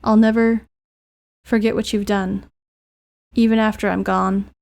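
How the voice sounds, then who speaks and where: A woman reading game dialogue as a gentle, apologetic spirit of a young man, speaking soft and solemn. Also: medium pitch, flat delivery, a little slow, vocal fry.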